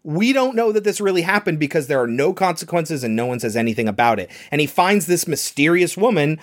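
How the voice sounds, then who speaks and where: A man with a voice on the high side and lively intonation talks a little fast as he co-hosts a laid-back movie recap podcast. He animatedly recounts scenes from the film, often breaking into laughter.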